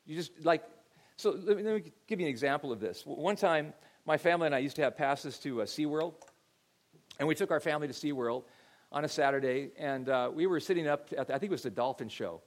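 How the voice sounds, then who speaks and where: Conversational middle-aged male pastor, higher voice. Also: quick pace. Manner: conversational storytelling, frequent repeated words. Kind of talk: sermon.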